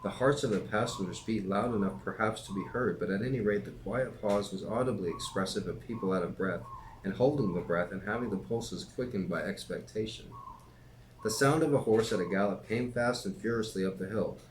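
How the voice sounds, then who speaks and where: A man reading a classic novel aloud in a steady, even narration. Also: fairly low pitch, a little fast, a little hiss or hum, rough recording. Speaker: reader and teacher.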